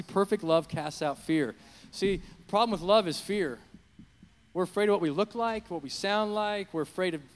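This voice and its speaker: A man preaching an improvised sermon into a handheld mic in a church, rambling and growing fervent and loud. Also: on the high side, clean tone, in a large hall. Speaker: pastor. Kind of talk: unscripted sermon. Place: church sanctuary. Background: worship music.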